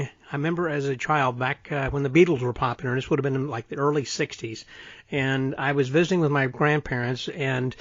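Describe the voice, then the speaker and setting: A man's voice: a little high, dry recording. A man in his sixties from the central United States, with an American accent touched by Southern words, hosting a podcast and musing in a wandering, thoughtful way. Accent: American, with Southern touches from Texas. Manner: thoughtful, wandering, self-correcting. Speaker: podcast host. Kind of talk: casual interview conversation. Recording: dry dull audio.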